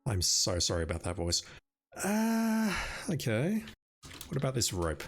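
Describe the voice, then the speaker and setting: A man talks his way through an old adventure game, dry and self-mocking. His pitch sits in the middle but moves with an animated, lively swing. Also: measured pace, soft background music. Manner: wry, self-mocking, reads game text aloud. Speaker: gamer playing a classic adventure game. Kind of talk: let's play commentary.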